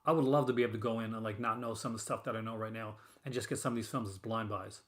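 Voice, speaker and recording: A man's voice: on the low side, steady tone, rapid-fire. A man hosting a casual stream, rambling and full of fillers and restarts as he chats with viewers. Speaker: host of a horror film collecting show. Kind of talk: casual live-stream chat.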